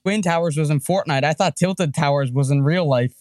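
A young man in a casual group chat, easygoing and cracking deadpan jokes. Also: on the high side, brisk, no room sound, studio quality.

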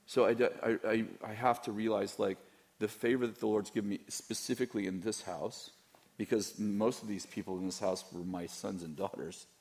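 Here the pastor, a middle-aged man, sounds low and dark with some vocal fry, keeping an even tone at a normal speed. His candid answers to the church crowd meander, tease, and frequently break off to begin again.

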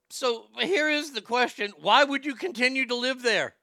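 A man's voice: very high-pitched, big pitch swings, normal speed, creaky, few pauses, pushed and bright, dry recording, studio quality. A man hosting a talk show, brash and profane, riffing on clips and reading chat, often stammering into restarts. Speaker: show host. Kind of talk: casual commentary reading chat.

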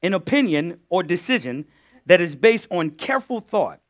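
A male pastor preaching a sermon in a call-and-response style, loud bursts one moment and low asides the next. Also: big pitch swings, normal speed.

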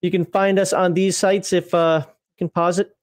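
Man, high voice, co-host, casual stream chat, rambling, laughing. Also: level tone, moderate pace. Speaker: podcast co-host.

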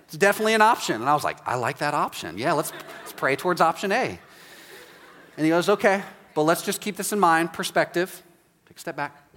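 A man in his forties preaching a sermon, retelling a story with lively dialogue and then guiding quiet reflection. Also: mid-range voice. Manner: animated storytelling, acts out dialogue, softens to quiet prayer prompts. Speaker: pastor. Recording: reverberant hall.

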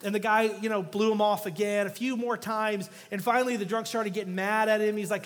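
Guest pastor, male, higher-pitched, animated sermon delivery in a reverberant sanctuary. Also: fairly quick, hardly any pauses. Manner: animated storytelling with jokes, swinging from loud to hushed.

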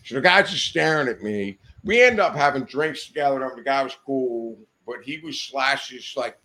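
With lively intonation and a pushed, bright mid-range voice, a man spins a rambling, profanity-laced yarn at a moderate pace as a podcast studio guest. Laughter keeps bubbling up partway through.

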